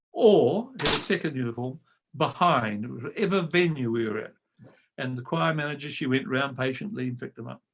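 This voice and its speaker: An older man, a retired choir director, telling lively anecdotes over a video call and acting out the voices he quotes. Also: a little high, vocal fry. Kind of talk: storytelling talk.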